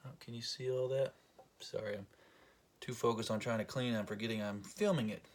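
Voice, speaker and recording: A man's voice: mid-range voice, fairly quick, long pauses. A man giving a casual, joking how-to tutorial, talking to the camera while he works. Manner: joking, self-deprecating, talks while working. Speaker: collector demonstrating belt cleaning.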